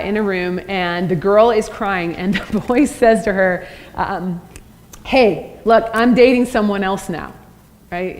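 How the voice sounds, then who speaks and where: A woman giving a conversational church teaching, often checking in with the audience by asking "right?". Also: medium pitch. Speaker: Christian apologetics teacher. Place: church hall. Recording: long hall reverb.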